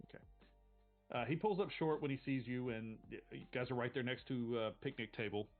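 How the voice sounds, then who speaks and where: A man's voice: medium pitch, fairly quick. Man game master on tinny stream. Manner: relaxed, many fillers. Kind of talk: narrating a tabletop game on a live stream. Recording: tinny lo-fi stream audio, faint music.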